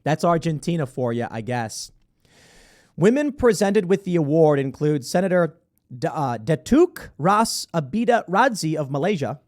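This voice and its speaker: A man hosts a commentary show, reading out a news story and breaking off into sarcastic, mocking asides. His voice sits fairly high and swings widely in pitch. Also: a little mellow. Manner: sarcastic, mocking, acts out imagined dialogue. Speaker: show host.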